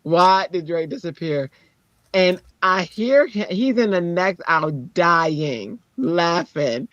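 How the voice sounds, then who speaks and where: A woman with a deep voice hosting a craft show, telling funny stories in casual chat and laughing often. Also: slow, no echo, dull audio. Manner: animated storytelling, laughs often.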